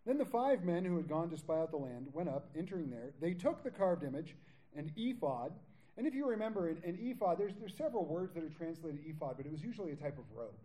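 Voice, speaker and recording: A man's voice: a little high, fast, rough recording. A man teaching verse by verse through a Bible passage, reading scripture aloud and breaking in with casual jokes and asides. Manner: animated, jokey asides and casual paraphrase between readings. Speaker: pastor teaching a Bible study. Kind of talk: conversational verse-by-verse sermon.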